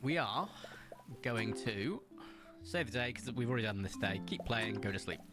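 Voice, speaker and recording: A man talking casually to his stream audience in a mid-range voice. He rambles in an excitable way and his voice keeps jumping up in pitch. Faint game music plays quietly behind him. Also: normal speed. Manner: chatty and excitable, sudden jumps up in pitch. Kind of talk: casual live-stream chat.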